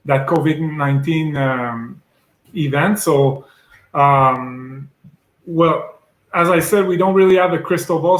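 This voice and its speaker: A man with a French accent, a sales rep as guest, talking things through in a halting, easygoing way over a video call. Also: a little high. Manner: thinks aloud, halting and easygoing. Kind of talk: casual interview chat. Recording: roomy echo.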